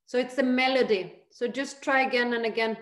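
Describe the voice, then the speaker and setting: A woman teaching a group chanting lesson over a video call, patient and encouraging, demonstrating each line slowly. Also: on the high side, steady tone, reverberant.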